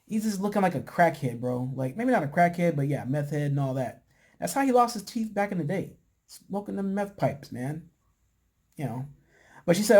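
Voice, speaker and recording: A man casually recapping a reality show, talking in a relaxed, chatty way with lots of fillers and putting on voices for quotes. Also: moderate pace. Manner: laid-back, chatty, lots of "you know" and "man"; acts out quotes in a higher voice. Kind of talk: casual chat.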